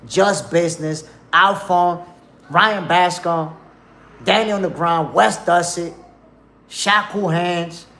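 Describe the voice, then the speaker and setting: On the high side and a bit bright, this young man's voice carries a boxing livestream rant full of curses. In his casual commentary, he calls viewers "my peoples."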